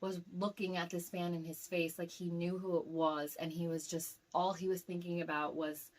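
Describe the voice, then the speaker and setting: A young woman casually telling a dream to camera, rambling with lots of fillers and getting animated as the story goes. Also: fairly low pitch, normal speed. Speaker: vlogger recounting a dream.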